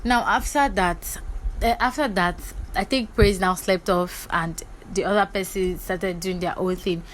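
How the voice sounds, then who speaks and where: A woman, casually recapping reality-show gossip in a chatty, animated way. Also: mid-range voice, slight background noise, low-quality recording. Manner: chatty and animated, quick asides.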